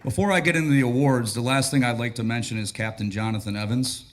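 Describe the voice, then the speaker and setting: A battalion chief of training with a raspy, hoarse voice, giving a relaxed, joking and grateful speech at a graduation ceremony. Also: male voice, medium pitch, fast talker, slight background noise. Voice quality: raspy, losing his voice.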